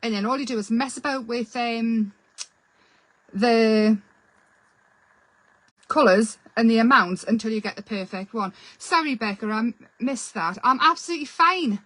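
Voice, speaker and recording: Casting: woman, craft host, chatty rambling teacher, slightly high voice. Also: moderate pace, long pauses, fairly bright tone, dry recording, low-quality recording. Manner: chatty, self-deprecating, rambling explanations. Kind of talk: casual painting tutorial.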